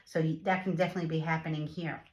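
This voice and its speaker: Woman tarot reader, fairly low voice, chatty, lots of um and you know. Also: flat delivery, very fast, dull audio. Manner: chatty, repeats words, many fillers. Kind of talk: casual tarot reading to camera.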